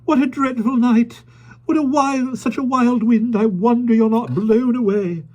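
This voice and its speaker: Man doing a shrill flustered old lady. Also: measured pace, a little mellow, lo-fi sound. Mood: alarmed. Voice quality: shrill, fluttery. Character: fussy flustered older lady.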